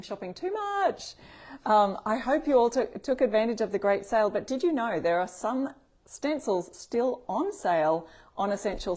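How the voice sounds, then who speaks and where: A woman's voice: mid-range voice, a little mellow. A woman with an Australian accent hosting a live craft tutorial stream, chatting and greeting viewers by name.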